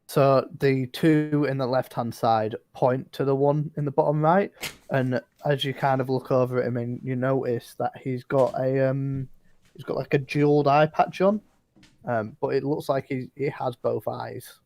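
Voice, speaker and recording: A man running a tabletop game as game master, narrating in a relaxed way with filler ums. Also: medium pitch, normal speed, vocal fry.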